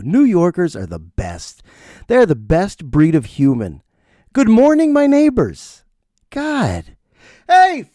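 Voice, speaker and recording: Animated man hosting a comedy podcast. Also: mid-range voice, no echo, clean studio sound. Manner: animated, laughs often, mimics lines. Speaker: podcast host. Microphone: studio podcast mic.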